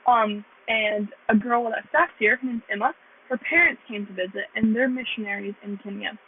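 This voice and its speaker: A young American vlogger shares her faith testimony earnestly, rambling and leaning heavily on "like." Her husky voice sits fairly high, with fairly even intonation and a moderate pace. The recording sounds tinny, as if made on a phone.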